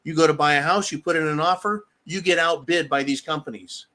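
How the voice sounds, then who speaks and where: Reading viewer comments on his political livestream, this American host rants with blunt anger and heavy swearing. His voice is a little high, fairly quick, and sounds pushed and bright.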